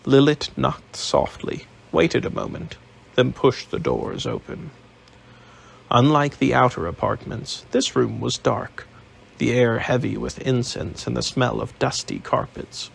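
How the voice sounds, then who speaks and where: A man narrating an audiobook in a measured, unedited reading with small slips. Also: medium pitch, expressive, gravelly, breathy edge.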